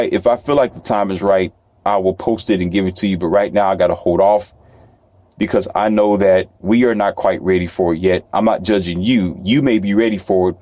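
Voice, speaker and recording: A man's voice: low-pitched, darkish tone, no room sound. A man delivering a rambling, preachy solo monologue, sometimes mocking imagined doubters in a raised voice. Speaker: self-published author and talk host. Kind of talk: casual monologue.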